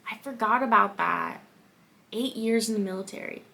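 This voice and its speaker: Gravelly, bright-voiced young woman reading a book. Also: mid-range voice, normal speed. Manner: emotional, reacts aloud, swears casually. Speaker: book vlogger. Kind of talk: book recap reading aloud.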